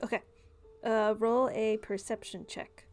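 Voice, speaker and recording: A woman's voice: on the high side, steady tone, unhurried, a little mellow, faint music behind. A woman running a tabletop game as game master, narrating casually with many fillers.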